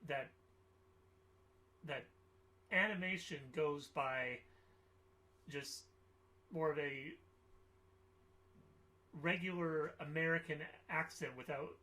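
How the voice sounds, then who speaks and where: Halting man hosting a webcast. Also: a little high, bright, forceful tone. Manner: halting, many fillers and restarts. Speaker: webcast host reading viewer questions. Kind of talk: casual interview hosting.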